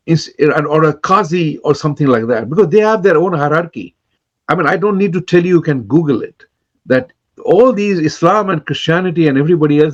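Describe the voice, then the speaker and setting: A man speaks in a husky, slightly raised voice that swings widely up and down as he presses his points. He is insistent and emphatic, repeating words as he builds his argument. The sound is dull and lo-fi. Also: a little high, darkish tone. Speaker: commentator and host. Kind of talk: impassioned talk to camera.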